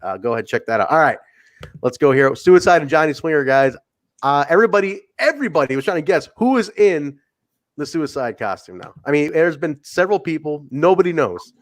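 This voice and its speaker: Man from the midwest, podcast host, sarcastic banter, slightly higher voice. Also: fairly quick. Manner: sarcastic, animated banter with laughs. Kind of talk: casual wrestling podcast chat.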